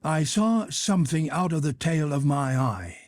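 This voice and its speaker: A man reads a classic novel aloud in a measured, steady narration. His voice sits a little high for a man and is recorded dry and close, with no room sound. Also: no echo. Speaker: audiobook narrator. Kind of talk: scripted narration.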